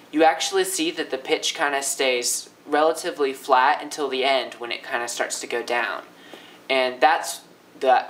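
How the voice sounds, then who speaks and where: A young man teaching linguistics in a casual, upbeat way, often swinging his pitch up and down to demonstrate. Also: a bit bright, a little hiss or hum, poor audio. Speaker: language teacher. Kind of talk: casual educational explainer.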